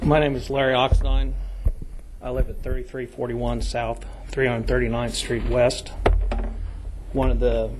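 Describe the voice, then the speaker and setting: A man speaking at a county commission meeting as a member of the public, deliberately reading out code sections and stressing key words. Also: mid-range voice, little pitch movement, noisy background.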